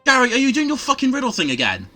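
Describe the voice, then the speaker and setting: A man's voice: mid-range voice, a little fast, pushed and bright, faint music behind. A man voicing an exasperated male pig who scolds another pig with swearing.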